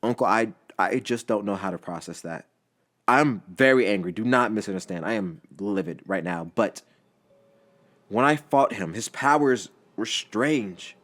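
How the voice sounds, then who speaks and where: A man voicing a young, brooding prince who holds back his anger, speaking quietly and stiffly. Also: on the low side, expressive, unhurried. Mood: restrained.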